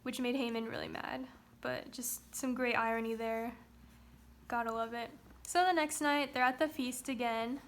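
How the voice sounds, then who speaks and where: A woman's voice: a little high, fairly even intonation, moderate pace, a little hiss or hum. A woman teaching Sunday school, retelling a story in a chatty, casual way with playful asides.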